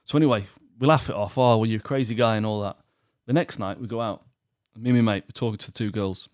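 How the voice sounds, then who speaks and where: A man, co-hosting a goalkeeper podcast and telling an animated night-out story with lots of acted quotes. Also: on the low side, quick pace, no room sound, studio quality. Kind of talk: casual chat, telling a story.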